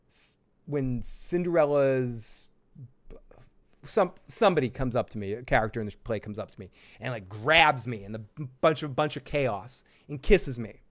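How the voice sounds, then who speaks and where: A man giving a casual, jokey show recap and telling stories, rambling and swearing freely. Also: medium pitch. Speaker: TV show reviewer.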